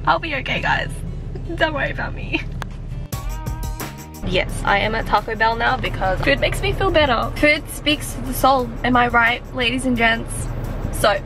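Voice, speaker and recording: An Australian vlogger chats casually to her viewers from inside a car, giggly and easily flustered. Her fairly high voice moves at a moderate pace over background music.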